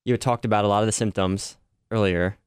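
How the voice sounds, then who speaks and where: Podcast co-host, man; very low, smooth voice, halting and thoughtful, dry mic. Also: fairly even intonation, no echo. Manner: hesitant, restarts, reflective. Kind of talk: casual conversation on a podcast.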